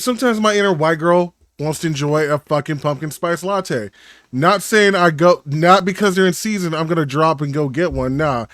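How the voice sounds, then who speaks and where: A man with a fairly high voice co-hosting a comedy podcast. He tells stories in an animated way and keeps slipping into little voices. The sound is dry and close. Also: dry recording. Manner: animated storyteller, slips into voices. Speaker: podcast co-host. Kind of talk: casual comedy podcast chat.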